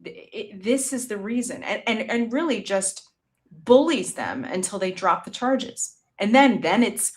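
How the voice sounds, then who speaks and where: A woman's voice: a little high, animated, slow pace, darkish tone. A middle-aged woman co-hosting a political talk show, impassioned and indignant, often stammering into her points. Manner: impassioned and indignant, with stammered restarts and sarcastic quoting. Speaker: podcast co-host. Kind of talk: political commentary chat.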